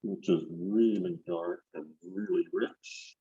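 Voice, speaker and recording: An older man teaching painting online from his studio talks slowly, with fairly even intonation, rambling and repeating words as he paints. He has a low-pitched, warm, husky voice. The video call mic gives an echo-free sound with the highs cut off.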